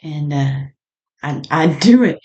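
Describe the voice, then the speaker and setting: A woman's voice: deep voice, lively intonation, takes it slowly, darkish tone, lo-fi sound. A woman telling a personal story in a casual, meandering way, often laughing between her sentences. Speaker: vlogger.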